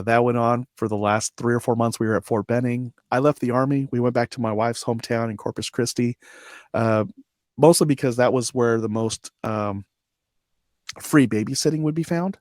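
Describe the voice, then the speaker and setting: A man in his forties telling a personal story as a podcast guest, animated and acting out quoted voices, laughing now and then. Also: medium pitch, normal speed, no echo, studio quality. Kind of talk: storytelling interview.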